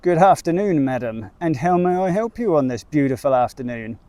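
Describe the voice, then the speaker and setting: A man's voice: fairly high pitch, animated, fairly quick, mellow, no room sound, close to an everyday voice. A man voicing a jovial middle-aged male sheep farmer with a New Zealand accent and a cheeky, blustering salesman manner. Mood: hearty.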